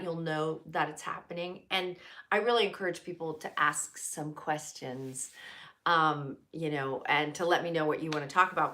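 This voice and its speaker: Unhurried bright-voiced woman chatting live. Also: fairly low pitch. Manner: chatty, greets viewers by name, many fillers. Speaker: host of a live stream. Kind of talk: casual live-stream chat.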